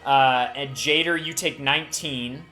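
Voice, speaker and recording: Guy game master narrating a tabletop session, bright voice, echoey room with faint music. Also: medium pitch, a little slow. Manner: lively storytelling with many restarts.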